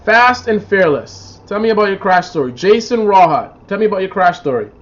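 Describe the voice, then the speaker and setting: A man hosting a casual livestream, reading out viewer comments and telling rambling stories in an animated way. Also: sits high, fairly quick. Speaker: livestream host. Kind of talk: casual live-stream chat. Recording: dull lo-fi livestream audio.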